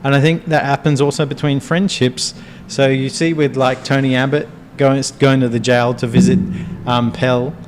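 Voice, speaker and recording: A man with an Australian accent making a measured point in a casual pub-style political discussion, hedging with fillers as he thinks aloud. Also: medium pitch, flat delivery, slight background noise. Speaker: panel member of a political discussion show.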